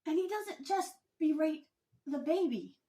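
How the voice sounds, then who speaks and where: A woman vlogger giving an opinion commentary monologue, speaking in a deliberate, emphatic and indignant way. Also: sits high, expressive, warm tone.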